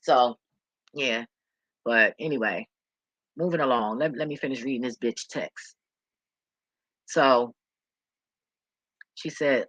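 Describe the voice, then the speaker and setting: A woman's voice: very deep voice, normal speed, pauses often, pushed and bright, no echo. A woman vlogger telling a story in a blunt, heated, profane rant.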